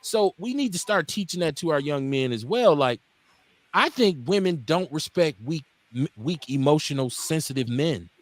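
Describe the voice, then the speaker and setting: A Milwaukee man in his forties hosts a casual talk radio show, his voice on the high side and moderately paced in a dry recording. Blunt and profane, he's an animated storyteller who acts out the people he quotes.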